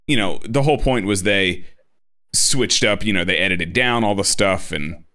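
A man in his thirties in casual podcast chat, animated and swearing freely. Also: fairly low pitch, normal speed.

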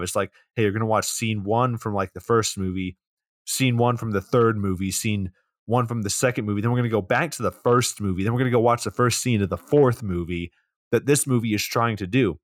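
A man's voice: fairly low pitch, a little fast, dry recording, clean studio sound. A man co-hosting a podcast, casually summarizing a movie's plot scene by scene and swearing now and then. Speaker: podcast co-host. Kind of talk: casual movie recap chat.

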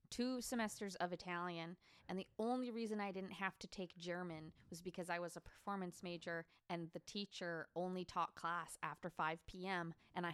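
A woman co-hosts a podcast in loose, casual chat, swearing freely and laughing often. Her voice is bright and forward, recorded close on a dry mic with no room sound. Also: lowish voice, no room sound. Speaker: podcast co-host.

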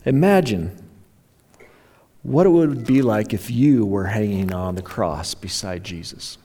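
Male pastor, low mellow voice, dramatic sermon delivery with acted-out quotes. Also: animated, measured pace, husky. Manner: dramatic preaching, voices the mocking crowd and criminals.

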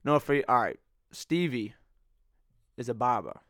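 A man's voice: medium pitch, very animated, measured pace, fairly bright tone, no echo, clean studio sound. A young man co-hosting a podcast, chatty and laughing, who says "dude" a lot. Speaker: podcast co-host. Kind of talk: crude joking podcast banter.

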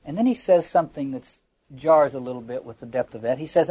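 Husky man giving a reflective lecture. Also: medium pitch, lively intonation, a little fast, warm tone, no room sound. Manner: reflective, quotes lines aloud with emphasis; repeats words while searching for phrasing. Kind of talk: literature lecture.

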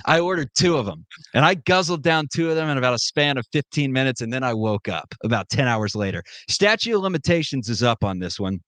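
A man's voice: mid-range voice, lively intonation, fairly quick, hardly any pauses, fairly bright tone, dry recording. A young man hosting a podcast, ribbing his guest and telling rambling stories in casual chat. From Ohio. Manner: joking storyteller, ribbing banter. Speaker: podcast host.

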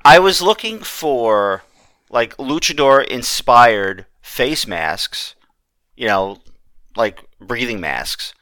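A man with a bright, smooth voice co-hosting a podcast, easygoing and rambling as he talks. The sound is dry, with no room echo. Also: medium pitch, lively intonation, takes it slowly. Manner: laid-back, rambling storyteller. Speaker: podcast co-host. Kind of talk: casual podcast banter.

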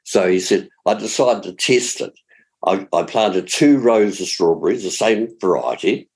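Older man, New Zealand accent, very deep voice, husky, chatty gardening advice. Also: animated, darkish tone. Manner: chatty, explanatory, spells words out slowly. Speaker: gardening expert. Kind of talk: radio gardening advice chat.

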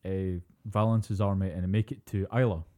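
A man co-hosting a podcast, telling stories in a sweary, animated casual chat. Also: low-pitched, normal speed. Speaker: podcast co-host.

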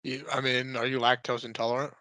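A man's voice: medium pitch, level tone, fast, bright, forceful tone, no echo. A man co-hosting a podcast in casual chat, giving brief, dry, teasing replies. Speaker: podcast co-host.

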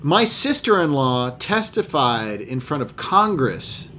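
A man's voice: mid-range voice, sing-song, takes it slowly, bright, forceful tone, a little hiss or hum. A man co-hosting a casual podcast, rambling with many restarts and swearing freely. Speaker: podcast co-host.

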